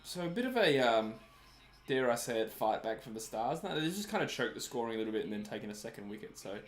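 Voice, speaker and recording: Very animated and quick-paced, an Australian man with a medium-pitched voice runs a live stream while watching a match. He keeps the chat casual, laughs frequently and replies to viewer comments.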